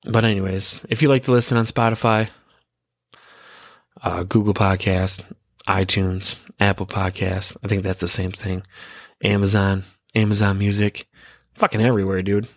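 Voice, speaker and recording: A man's voice: lowish voice, level tone, normal speed, no room sound. A man in his thirties hosting a podcast, rambling casually in a laid-back, giggly, stoned way. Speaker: podcast host.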